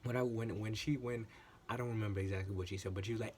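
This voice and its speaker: A man telling a workplace story in a casual, animated monologue, often repeating himself for emphasis and swearing. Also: fairly low pitch, rapid-fire, a little hiss or hum. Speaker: channel host.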